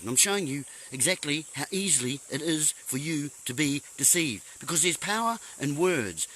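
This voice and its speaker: A man's voice: a little high, bright, forceful tone, slight background noise, rough recording. A man hosting a live stream, talking in a rambling monologue full of playful puns, rhetorical questions and sudden exclamations.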